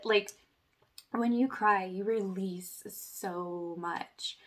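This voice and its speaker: A woman leading a guided spiritual workshop, chatty and casual, filling her talk with "like" and "okay", dropping to a soft hush for meditation. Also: mid-range voice, very slow. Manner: chatty, says "like" and "okay" often; soft, hushed when guiding meditation.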